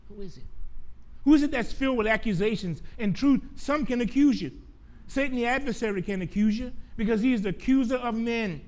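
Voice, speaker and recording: A male preacher with a notably high voice delivers a sermon. He leans on rhetorical questions and repetition, drawing out key phrases slowly and letting them fall quiet. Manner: slows down and drops soft on key phrases.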